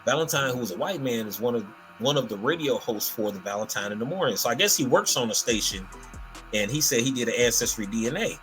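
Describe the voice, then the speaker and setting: Male podcast host, casual and animated storyteller, full of fillers, light music bed. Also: mid-range voice, fast talker.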